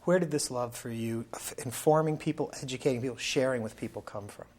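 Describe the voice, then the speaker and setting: An interviewer with a voice at a middle pitch asks the questions. The delivery is curious and prompting, drawing the guest out. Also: fast talker, darkish tone. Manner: curious, prompting, laughs along.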